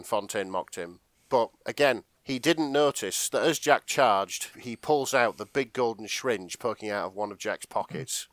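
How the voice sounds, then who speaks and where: A man's voice: lowish voice, moderate pace, hardly any pauses, no room sound. A man co-hosting a comedy podcast, retelling a fanfic with a lot of laughter. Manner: animated, laughing often. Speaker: podcast co-host.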